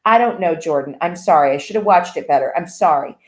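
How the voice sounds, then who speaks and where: A woman's voice: fairly low pitch, expressive, close to an everyday voice. A woman reading as a dazed, drifting mother. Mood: vague. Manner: vague, slow, drifting. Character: dazed, drugged middle-aged mother, TV-obsessed. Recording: echoey room.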